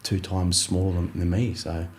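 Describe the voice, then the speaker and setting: A man's voice: low voice, flat delivery, normal speed, a little mellow, a little hiss or hum. A young Australian man, a rugby league player, telling his story in a casual interview, rambling with many fillers and acting out his coach's words.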